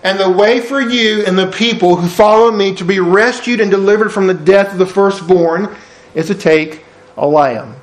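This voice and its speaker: A preacher voicing God in a grave, hushed way, in a roomy echoing space. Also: male voice, sits high, normal speed, lightly acted. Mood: solemn. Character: God, solemn, grave male voice. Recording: roomy echo.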